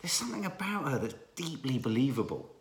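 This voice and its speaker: A man's voice: medium pitch, big pitch swings, fast talker. A man co-hosting a casual family chat reviewing a TV series, thoughtful and musing. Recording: echoey room, faint noise.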